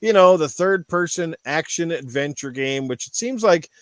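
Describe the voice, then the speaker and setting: A man hosts a casual gaming podcast, talking in loose, rambling stretches full of fillers. His voice is high for a man. The sound is close and dry. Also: lively intonation, normal speed, a bit bright, no room sound. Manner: rambling, with many fillers and restarts. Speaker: podcast host.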